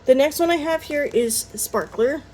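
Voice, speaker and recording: A woman's voice: sits high, moderate pace, darkish tone, slight background noise. A woman chatting casually through her toy collection, rambling with frequent ums and little laughs. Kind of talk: casual show-and-tell chat.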